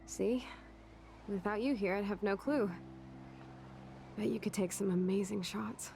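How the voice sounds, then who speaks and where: A woman's voice: medium pitch, measured pace, gravelly, a little mellow, a little hiss or hum. An actress voicing a blunt, wry young woman in a video game, talking in a frank, sardonic way. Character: blunt, wry young woman, teenage girl's best friend.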